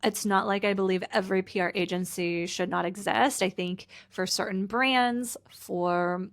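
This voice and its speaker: A woman's voice: medium pitch, steady tone, normal speed, creaky. A woman from Canada hosting a casual solo podcast, chatty and full of fillers, sounding tired and a little teary. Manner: chatty, lots of "like" fillers, laughing through tears. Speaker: podcast host and personal brand coach.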